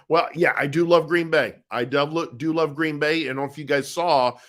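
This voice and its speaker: This middle-aged man co-hosts a live chat show with his wife, the author, reading out viewer comments on a casual stream. His voice is a little high and his pace moderate, and he's relaxed and rambling, often restarting sentences and laughing.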